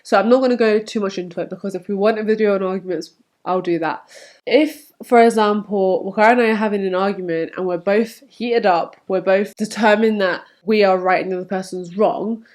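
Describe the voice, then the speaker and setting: A woman's voice: mid-range voice, fairly quick. A young woman vlogging to camera, speaking candidly and chattily, and acting out remembered quotes. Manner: candid, animated, acts out quotes.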